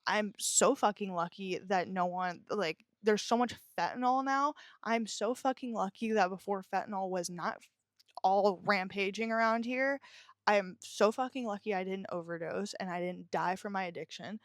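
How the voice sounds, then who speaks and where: Swearing frequently, a young adult woman podcast host talks bluntly and with emphasis about her own life in a confessional monologue. She speaks at normal speed in a mid-range voice, with clean studio sound and no room echo.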